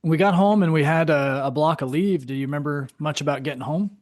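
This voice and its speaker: A male podcast host keeps the conversation going with short, friendly affirmations and questions. His voice sits slightly high for a man. The recording is dry and close, with no room sound. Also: a little fast, dry recording. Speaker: podcast host, fellow Marine. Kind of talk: casual interview chat.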